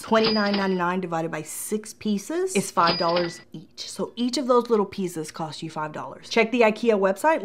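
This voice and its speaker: A woman with a medium-pitched voice, heard over background noise, reviews store products in a casual vlog. She grew up in Puerto Rico, gushes and chats straight to her viewers, and a Southern American accent slips in.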